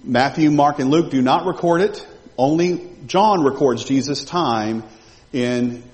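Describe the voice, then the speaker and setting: A male pastor preaching a sermon, animated and full of rhetorical questions to his congregation. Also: mid-range voice, measured pace. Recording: long reverb of a large hall.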